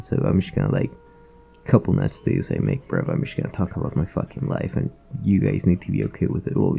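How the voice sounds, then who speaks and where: A man's voice: deep voice, vocal fry, warm tone, husky, dull audio. A young man vlogging a rambling, profane storytime rant, full of fillers and asides.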